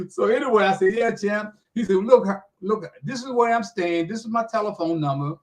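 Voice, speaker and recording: A man's voice: high voice, animated, normal speed, hardly any pauses. An older American man, a sports radio personality, telling a folksy story and acting out the quotes, saying "man" often. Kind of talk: animated storytelling.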